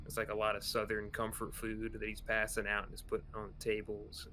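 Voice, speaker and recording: A man's voice: on the low side, monotone, fairly quick, bright, forceful tone, slight background noise. A man narrating a tabletop game as game master, loose and conversational.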